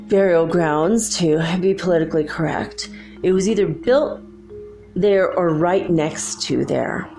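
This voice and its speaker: A middle-aged woman hosts a podcast and tells a ghost story casually, her lowish voice creaky. She's animated, laughs a lot, and acts out the voices of the people in the story.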